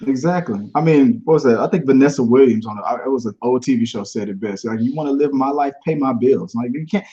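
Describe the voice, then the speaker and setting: A man's voice: medium pitch, fast talker, mellow. A man, hosting a casual podcast chat in a laid-back, rambling way and laughing often. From Houston, Texas. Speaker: podcast host. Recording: dull lo-fi audio.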